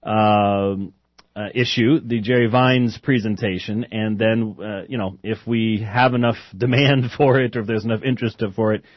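A man's voice: on the low side, fairly even intonation, moderate pace, dry recording. Rambling man hosting a lo-fi talk show. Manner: chatty, digressive, many fillers and restarts. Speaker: podcast host. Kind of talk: casual rambling commentary.

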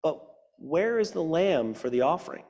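A man's voice: fairly high pitch, big pitch swings, normal speed, darkish tone, long reverb tail. A man voicing a teenage boy who earnestly questions his father, in a sermon retelling. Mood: puzzled.

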